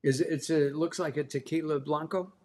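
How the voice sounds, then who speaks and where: A man hosting a live cooking show, chatting loosely with many filler pauses. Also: fairly high pitch, steady tone, dark tone.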